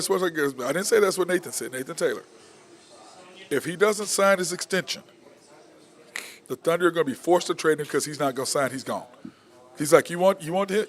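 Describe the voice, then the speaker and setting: A man hosting a sports talk show, ranting bluntly and repeating his points. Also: a little high. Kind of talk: opinionated sports talk monologue.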